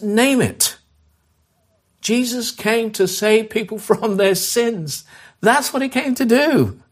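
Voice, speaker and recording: A man preaching a sermon as a pastor, earnest and direct, repeating key phrases and urging listeners, who drops to a soft, slow voice when leading prayer. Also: high voice.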